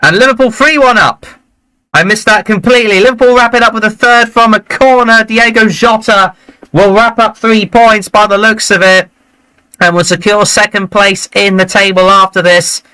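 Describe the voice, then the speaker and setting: A man hosting a live football watchalong, chatting and reacting excitedly to the play. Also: high-pitched, moderate pace, smooth, low-quality recording. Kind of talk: live match commentary and chat.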